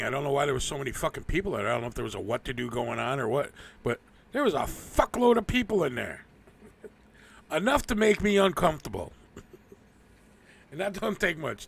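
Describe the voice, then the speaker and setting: A man's voice: fairly high pitch, creaky, fairly bright tone. A man hosting a live stream, rambling through a casual, profane rant and laughing often. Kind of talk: casual ranting monologue.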